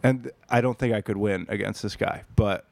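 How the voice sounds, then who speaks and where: A man's voice: fairly low pitch, steady tone, moderate pace, creaky, dry recording. A man telling a bar story in casual podcast chat, rambling and profane, often restarting mid-sentence.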